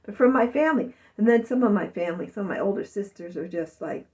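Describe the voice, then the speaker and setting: A woman's voice: medium pitch, expressive, fast talker, few pauses, darkish tone, distant mic, rough recording. A middle-aged woman talking through a rambling, emotional personal monologue, sometimes mimicking her family's words. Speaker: vlogger.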